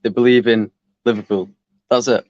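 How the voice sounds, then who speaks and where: Blunt British guest telling stories. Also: male voice, medium pitch, steady tone, moderate pace, darkish tone, no room sound, dull audio. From United Kingdom. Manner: blunt storyteller, swears freely. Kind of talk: casual chat as a guest.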